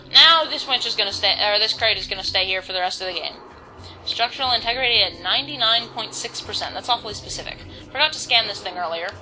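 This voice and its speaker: A woman's voice: medium pitch, rough recording. A woman casually commenting on a video game, rambling and self-deprecating as she reads the on-screen text aloud. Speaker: let's-play commentator.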